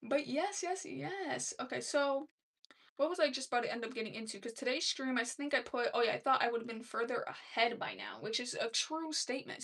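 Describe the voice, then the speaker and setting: A woman's voice: fairly high pitch, animated, fast, fairly bright tone, recorded from a distance. Chatty young woman reading stream chat. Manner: chatty, laughing, reads chat comments aloud. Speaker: livestream host. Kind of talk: casual live-stream chat.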